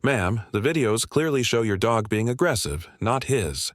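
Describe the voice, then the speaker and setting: A man voicing a calm, firm police officer in a narrated story. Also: medium pitch, moderate pace, no echo, clean studio sound, natural voice.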